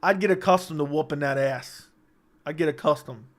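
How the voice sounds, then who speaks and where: A man's voice: fairly high pitch, brisk. Brash, profane young man streaming late. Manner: brash, profane, joking banter with chat. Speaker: livestream host. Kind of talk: late-night casual livestream chat.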